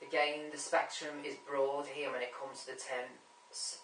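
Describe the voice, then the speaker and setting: A man talks through his film picks in a loose, rambling way, circling back and repeating himself whenever a name escapes him. His voice is bright and carries a sharp edge, but it stays fairly flat in pitch. It is recorded from a distance in an echoey room. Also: moderate pace, a little hiss or hum. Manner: rambling, keeps losing names and repeating himself. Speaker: movie vlogger ranking a top ten. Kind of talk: casual rambling film chat. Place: room at home.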